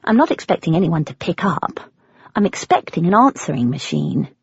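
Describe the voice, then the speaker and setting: British woman narrator, first-person audiobook, husky edge, lo-fi dry recording. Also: on the low side, normal speed, dry recording. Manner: expressive, with breathless, flustered quoted speech.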